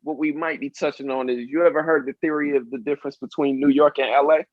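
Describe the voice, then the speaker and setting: A man co-hosting a podcast in casual chat, an animated storyteller who acts out quotes and swears a lot. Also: a little high, quick pace, dry recording, lo-fi sound. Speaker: podcast co-host.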